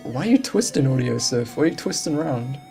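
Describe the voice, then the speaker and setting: Faint music plays behind a game streamer chatting from a home room, talking fast and animatedly with a gravelly, mellow, medium-pitched voice. The chat rambles, with restarts, frequent laughter, and self-mockery.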